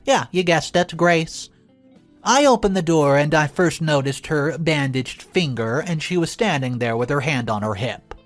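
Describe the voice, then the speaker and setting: A man narrating a first-person story aloud in an expressive, animated way. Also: a little high, moderate pace, soft background music.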